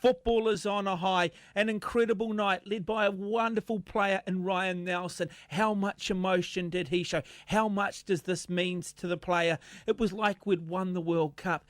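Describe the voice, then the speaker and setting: A man with a New Zealand accent hosts a talkback radio show. He is excited and emphatic, taking calls one after another. His voice is close and dry in the studio. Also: sits high, moderate pace, few pauses, dry recording.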